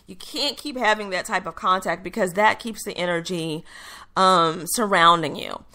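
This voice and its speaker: A woman's voice: fairly low pitch, normal speed, bright, forceful tone. A woman hosting her own radio show, chatting casually and upbeat with plenty of fillers, answering listeners' questions with readings. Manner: chatty, upbeat, frequent fillers and self-corrections. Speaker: radio show host and intuitive reader. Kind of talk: casual solo radio talk.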